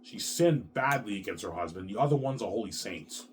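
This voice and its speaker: A man's voice: lowish voice, lively intonation, a little fast, a little hiss or hum. Agitated rambling man in his thirties. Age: 30s. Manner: agitated, repetitive, heavy swearing. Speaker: vlogger. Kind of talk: rambling monologue to camera.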